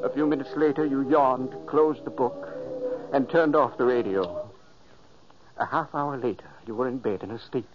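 A man's voice: mid-range voice, moderate pace, music in the background, natural voice. An actor playing the ghost of an elderly man, narrating solemnly in a 1940s radio play. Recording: dull old radio recording.

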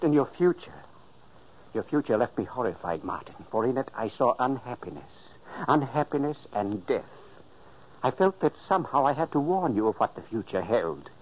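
An actor playing the ghost of an elderly man, narrating solemnly in a 1940s radio play. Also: on the low side. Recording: dull old radio recording.

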